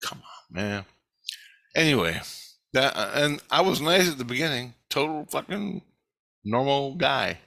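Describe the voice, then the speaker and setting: A man's voice: medium pitch, big pitch swings, unhurried, creaky, pauses often, sharp tone, no echo. A man telling a story in an angry, rambling monologue, swearing often and repeating himself. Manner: profane, agitated, repeats himself.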